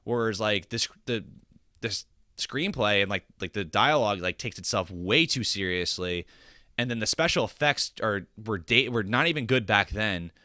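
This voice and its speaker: A young man talking on a casual podcast, looping back through restarts and filler words as he goes. His voice is bright and forceful, and the recording is dry, with no room in it. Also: fairly low pitch, animated, moderate pace, dry recording. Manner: rambling, many restarts and filler likes. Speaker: podcast co-host.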